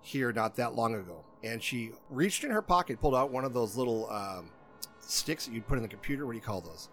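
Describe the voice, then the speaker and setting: A man's voice: medium pitch, lively intonation, fairly quick, fairly bright tone, slight background noise. Rambling man telling a story. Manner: rambling, repeats "she goes" while quoting others. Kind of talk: casual chat, telling a long story.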